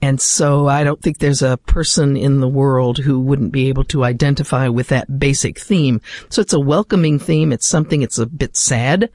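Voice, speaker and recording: A man's voice: mid-range voice, steady tone, moderate pace, hardly any pauses, a little mellow, no echo, clean studio sound. An American man speaking thoughtfully with frequent fillers, explaining a poem and then reciting it. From United States. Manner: thoughtful, hesitant with many fillers. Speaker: literature guest.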